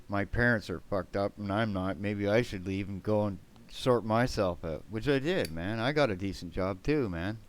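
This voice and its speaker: Male streamer, low and smooth, rambling and blunt with his chat. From Canada. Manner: rambling and blunt, swears, keeps tagging "man" and "right?". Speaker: game streamer.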